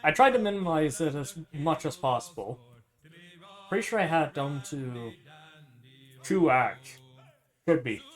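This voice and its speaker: Swearing streamer putting on an Irish accent. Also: male voice, a little high, lively intonation, a little slow, long pauses. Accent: put-on Irish. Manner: swears often, laughs a lot, chatty asides to viewers. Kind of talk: casual livestream chat while cooking.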